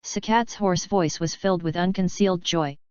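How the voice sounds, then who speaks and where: A woman narrating a fanfiction audiobook in an even, steady reading. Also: lowish voice, normal speed, smooth, dry recording, highs cut off.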